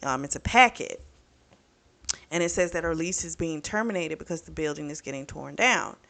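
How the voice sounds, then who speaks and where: Chatty, bright-voiced woman reviewing a book. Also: low-pitched, moderate pace, vocal fry. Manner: chatty, profane, animated retelling with lots of fillers. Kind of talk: casual book recap.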